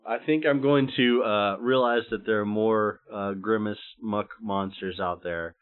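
A man's voice: fairly low pitch, steady tone, a little slow, clean tone, no room sound. A man playing a tabletop game, laughing often and swearing freely. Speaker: player. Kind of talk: casual tabletop play. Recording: tinny call audio.

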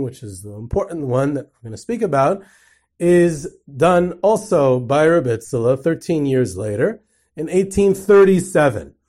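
A man's voice: mid-range voice, a little mellow. A man giving an unscripted lecture on a religious book, explaining in a thoughtful way with frequent restarts and repeated words. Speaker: Torah lecturer.

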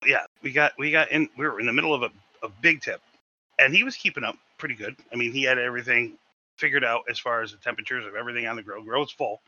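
A man on a podcast telling a story in casual chat, animated and swearing freely. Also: mid-range voice, fast talker, lo-fi sound. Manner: animated, swearing, acts out shouted quotes. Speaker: podcast co-host.

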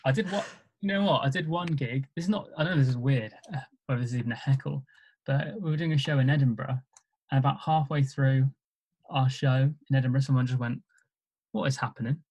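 A man's voice: medium pitch, fast talker, a little mellow, slightly rough. A man, a stand-up comedian, chatting casually and self-deprecatingly about his gigs. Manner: self-deprecating, modest, chuckles while telling stories. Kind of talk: casual chat.

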